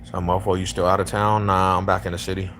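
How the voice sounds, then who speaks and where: A man's voice: low-pitched, flat delivery, fast talker, fairly bright tone, slight background noise. A man from East Denver with a Denver accent, chatting casually on a live stream in a slangy, laid-back way. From East Denver, Colorado. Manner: slangy and laid-back, calls people homie, bro and fool. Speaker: livestreamer chatting with strangers.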